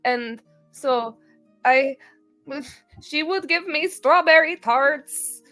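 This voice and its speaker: A woman voicing a young woman in a tabletop game who speaks in halting, tearful stammers about her lost family. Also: sits high, a bit bright, soft background music, exaggerated voice.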